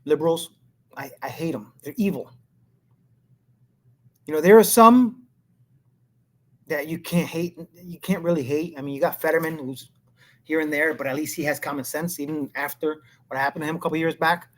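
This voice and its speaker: A man's voice: on the high side, normal speed, pauses often. Rambling blunt male commentary host. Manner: rambling, blunt, breaks into laughter. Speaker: show host. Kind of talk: casual political commentary.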